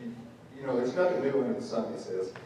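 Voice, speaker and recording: A man preaching a midweek sermon as pastor, an animated storyteller who acts out the voices, far from the mic in a church sanctuary. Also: medium pitch, fast, very echoey, slight background noise.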